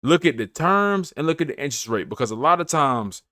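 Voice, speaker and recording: A man's voice: a little high, lively intonation, brisk, sharp tone, no room sound, clean studio sound. A man hosting a finance channel, giving casual, emphatic advice to camera in a slangy way, often checking in with "you feel me". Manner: slangy, repeats phrases, asks "you feel me"; emphatic, preachy.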